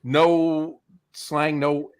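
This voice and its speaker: A man's voice: on the high side, little pitch movement, drawn-out words, clean tone. A man hosting a casual chat, telling stories and rambling with restarts. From New Jersey. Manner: rambling, many fillers and restarts, tells stories. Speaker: host.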